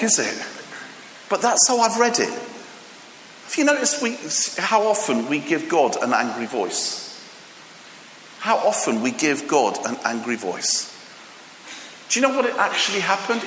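Man, sermon, high bright voice, jokey storytelling, stumbling restarts, echoey hall. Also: very animated, a little hiss or hum. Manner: humorous storytelling with acted voices; halting restarts. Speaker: preacher.

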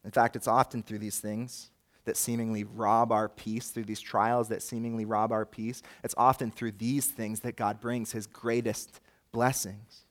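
A man's voice: lowish voice, flat delivery, measured pace. A man preaching a sermon as pastor, earnest and rising and falling in force, with a light joke now and then. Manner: jokes lightly with the congregation.

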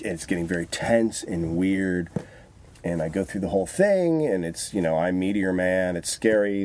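Low-voiced man telling wild stories. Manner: profane, animated storyteller. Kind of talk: casual storytelling.

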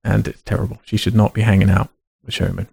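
A man's voice: on the low side, level tone, fast talker, creaky, a little mellow, husky, no echo, studio quality. A man recapping a horror movie in casual, profane, sarcastic chat. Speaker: podcast co-host.

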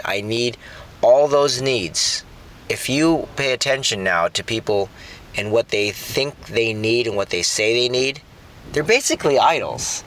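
A man's voice: medium pitch, lively intonation, a little slow, fairly bright tone, a little hiss or hum. A middle-aged man preaching a sermon in a conversational way, often repeating words while he thinks. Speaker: pastor.

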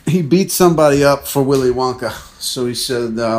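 A podcast host with a mid-range, slightly mellow voice talks at normal speed, spinning a meandering comic story in a chatty way. He acts out other people's quoted lines as he rambles.

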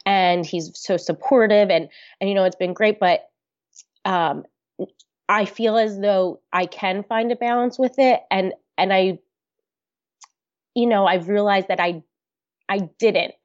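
A woman's voice: mid-range voice, a little slow, long pauses, no echo. Woman guest, candid and earnest, fillers and restarts, dry lo-fi sound. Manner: open, earnest, talks with many restarts and fillers. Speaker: podcast guest. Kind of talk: candid conversational interview.

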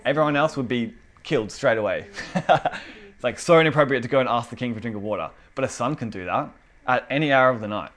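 A young man preaching a casual, conversational sermon with an animated delivery and lots of fillers. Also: mid-range voice, fast.

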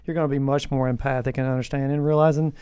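A man's voice: medium pitch, level tone, fast talker, mellow, clean tone, no room sound. A man co-hosting a leadership podcast, reflective and hesitant, often restarting and trailing off his thoughts. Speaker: podcast co-host.

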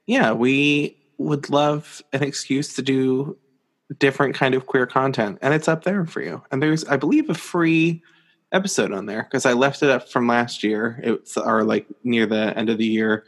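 A man co-hosting a book podcast in casual chat, playful and quick to laugh. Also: medium pitch. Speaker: podcast co-host.

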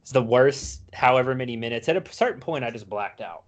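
A man in the middle of a loose podcast chat, profane and animated as he tells stories, his pitch settled in an ordinary middle register. He swears constantly and sounds easygoing. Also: a little fast. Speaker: podcast co-host. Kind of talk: casual chat.

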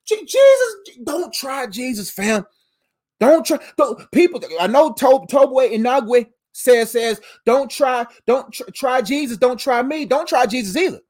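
A woman preaching a sermon in an animated, emphatic way, using slang and calling her listeners "fam.". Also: sits high, a little slow.

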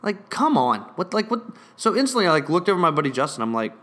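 A young man rants through a story in a bright, somewhat high voice, swearing constantly and tripping over repeated words. His retelling is irritated and sarcastic throughout. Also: very animated, fast talker. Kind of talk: profane storytime rant.

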